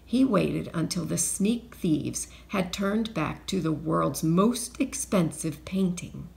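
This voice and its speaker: Female teacher, storybook read-aloud, lower voice, unhurried and expressive. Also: gravelly. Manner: slow, expressive read-aloud with hushed whispers. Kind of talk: reading a children's chapter book aloud.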